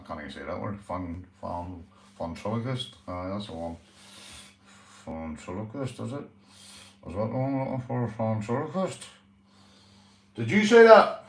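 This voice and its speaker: With a lowish, slightly mellow voice, a Northern Irish man chats casually in his vlog; he's a police auditor. He rambles, swears, and keeps saying "you know," recorded from a distance in a roomy space.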